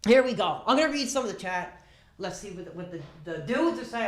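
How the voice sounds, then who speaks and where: A man in his thirties rambling through a comedic livestream rant, with dramatic pauses, sighs and stammering restarts. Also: sits high, animated, echoey room. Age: 30s.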